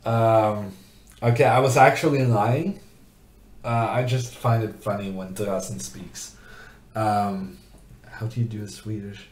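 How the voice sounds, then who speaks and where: Slow-talking man in an echoey room. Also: fairly low pitch, steady tone, a little hiss or hum. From Norway. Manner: rambling, chatty, reads chat questions aloud. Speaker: chess streamer. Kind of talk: casual commentary while playing chess.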